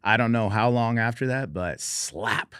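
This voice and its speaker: A middle-aged man from Oregon, a military veteran appearing as a guest, tells his personal story in conversation with wry, understated, self-deprecating humor. His voice sits in the mid range, a little slow, somewhat bright, clear and resonant. There's no echo on the recording.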